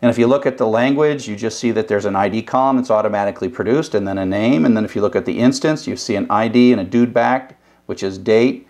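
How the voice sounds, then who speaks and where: A man's voice: on the low side, fast, darkish tone. An older man teaching web programming in a recorded lecture. He explains casually and thinks aloud, with restarts. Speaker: programming instructor.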